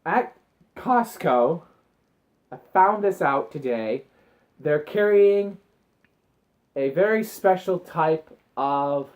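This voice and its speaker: A man chatting to camera in a casual vlog, telling rambling, excitable stories and acting out the moments as he goes. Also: on the high side, slow, long pauses. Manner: rambling, excitable storytelling with acted-out asides. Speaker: vlogger.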